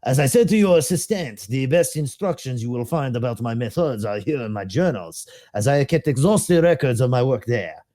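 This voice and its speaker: A man's voice: mid-range voice, lively intonation, brisk, hardly any pauses, mellow, lightly acted. A man putting on an obsessive plague doctor. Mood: formal. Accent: put-on foreign accent. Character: obsessive plague doctor, proud, formal, menacing.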